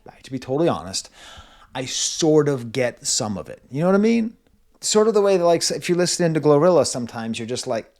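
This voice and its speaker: An American man talks through his music picks in a loose, casual lecture style, getting animated and wandering off on tangents. His voice sits at an ordinary middle pitch for a man. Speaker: music reviewer and show host. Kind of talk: casual spoken music commentary.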